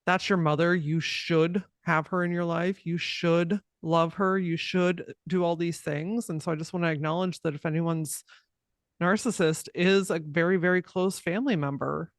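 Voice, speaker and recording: A woman's voice: lowish voice, fairly even intonation, normal speed, dry recording. Candid woman podcast host, dry sound. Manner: candid, heartfelt, casual swearing. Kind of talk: casual podcast interview.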